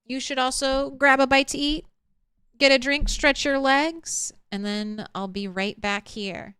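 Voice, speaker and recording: Woman streamer chatting with her viewers, kinda high, slow easygoing pace. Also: steady tone, sharp tone, clean tone, no echo. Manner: chatty, talks straight to chat. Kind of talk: casual live-stream chat.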